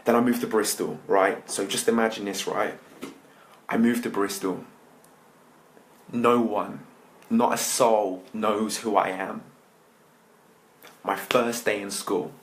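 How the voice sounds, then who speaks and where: Chatty man telling his story. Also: fairly low pitch. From England. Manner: lively, chatty, speaks straight to listeners. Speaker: motivational speaker. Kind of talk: storytelling talk to an audience.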